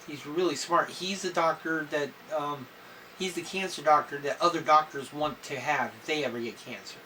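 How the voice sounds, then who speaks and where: A man in a personal video diary, talking haltingly with many fillers and clearing his throat and coughing now and then. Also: on the high side. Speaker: vlogger. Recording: slightly distant mic with faint noise.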